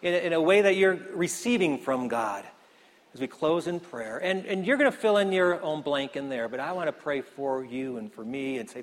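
A man preaching a sermon as pastor in a church, earnest, rising to emphasis then dropping soft. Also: fairly high pitch, animated, normal speed. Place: church sanctuary. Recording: echoey hall.

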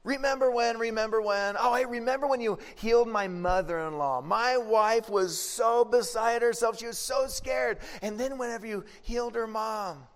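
A man playing an eager, excitable male apostle who gushes as he recalls things. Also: extremely high pitch, moderate pace, few pauses, long reverb tail, voice pushed up. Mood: excited. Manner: gushing, breathless recalling.

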